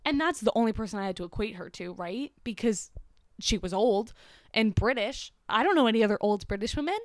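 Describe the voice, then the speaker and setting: A woman's voice: on the high side, expressive, brisk, no room sound, clean studio sound. A young adult woman hosting a casual solo podcast, telling a story in a chatty, self-deprecating way with frequent swearing and asides. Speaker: podcast host.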